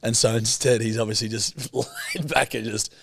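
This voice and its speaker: A man's voice: mid-range voice, flat delivery, moderate pace, vocal fry, fairly bright tone, slight background noise. A man co-hosting a podcast in casual, laughing, sweary banter. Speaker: podcast co-host. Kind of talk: casual chat.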